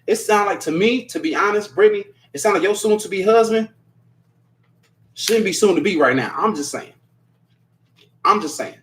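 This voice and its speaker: A man's voice: high voice, moderate pace, pauses often, a bit bright. A man hosting a casual livestream and reading viewer comments aloud, talking bluntly and emphatically, swearing freely and repeating his points. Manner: apologetic after ranting.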